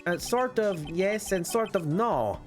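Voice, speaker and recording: A woman's voice: medium pitch, expressive, slow pace, soft background music. A woman voicing a stammering, timid young man. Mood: nervous. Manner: stammering, hesitant. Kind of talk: reading a game script aloud.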